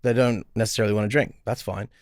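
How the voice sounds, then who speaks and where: Low-voiced man. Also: steady tone, quick pace, gravelly, no echo, studio quality. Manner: storytelling, lots of restarts and repeated words. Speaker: podcast guest, hospitality strategist. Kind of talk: casual interview chat.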